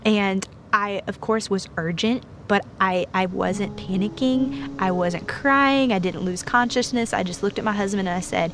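A woman earnestly retelling a personal ordeal as a guest, speaking with faith and frequent pauses. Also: mid-range voice. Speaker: guest storyteller. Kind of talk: personal testimony. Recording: noisy recording.

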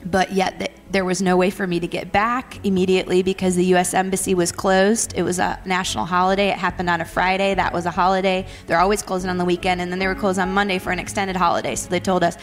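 A woman earnestly retelling a personal ordeal as a guest, speaking with faith and frequent pauses. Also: lowish voice, flat delivery, soft background music. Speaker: guest storyteller. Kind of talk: personal testimony. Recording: noisy recording.

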